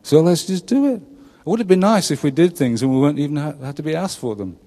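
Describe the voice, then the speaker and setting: With a slightly high, mellow voice and a quick, animated pace, a middle-aged pastor gives a chatty sermon whose words trail off in long church reverb. He keeps asking the congregation questions and chuckles at his own humor.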